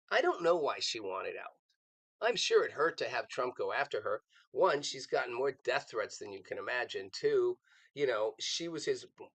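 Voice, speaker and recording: A man's voice: mid-range voice, dry recording, rough recording. A man giving earnest political commentary on a live show, rambling with restarts and repeated words.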